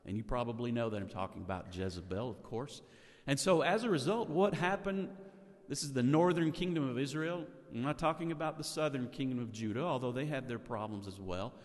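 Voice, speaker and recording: Brief: male preacher, storytelling sermon with rhetorical questions, mid pitch, long hall echo. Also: lively intonation, brisk.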